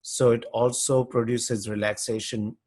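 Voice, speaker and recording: A man's voice: mid-range voice, flat delivery, unhurried, a little mellow. A man co-leading a yoga workshop, explaining how breathing affects the body, with small restarts.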